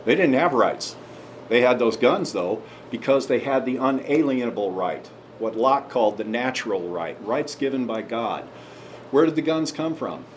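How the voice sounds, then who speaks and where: A man speaks to an audience in a mid-range voice, telling history in a loose conversational way. He punches points home with rhetorical questions. A faint hiss sits under his talk. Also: medium pitch. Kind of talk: history talk and advocacy speech.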